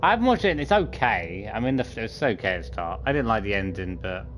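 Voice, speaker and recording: A man's voice: lowish voice, sing-song, fast talker, a bit bright, slight background noise. A young man chatting casually while playing a game, rambling and playful. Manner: rambling, playful, hums and does silly sound bits. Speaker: gaming streamer. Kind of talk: casual gameplay commentary.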